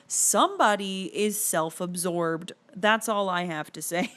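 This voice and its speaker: A woman's voice: medium pitch, animated, moderate pace, fairly bright tone. A woman giving sardonic, exasperated commentary for a video essay that reviews a film.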